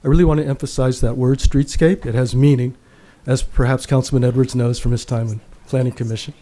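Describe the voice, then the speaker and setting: A man's voice: medium pitch, flat delivery, fast, dark tone. A man giving a prepared public comment at a city council meeting, earnest and emphatic as he reads from his notes.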